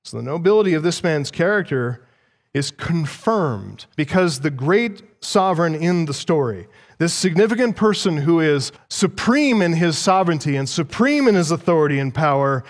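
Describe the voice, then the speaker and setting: A man's voice: fairly high pitch, lively intonation, moderate pace, big-room sound. A man preaching an expository sermon, teaching through a passage verse by verse and putting questions to his listeners. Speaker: pastor.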